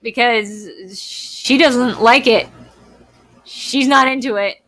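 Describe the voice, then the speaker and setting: A fairly high, bright-voiced woman co-hosting a loose movie talk show. She talks animatedly, jumping into quick voices to act out scenes and swearing freely. The sound is close and dry. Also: no room sound. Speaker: podcast co-host. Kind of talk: casual movie discussion.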